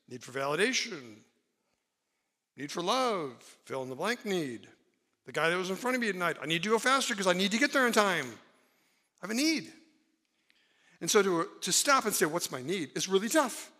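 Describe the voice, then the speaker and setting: Bright-voiced pastor preaching in a hall. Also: male voice. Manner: conversational, dramatizes examples with shifts in pitch and volume. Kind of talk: sermon. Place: church.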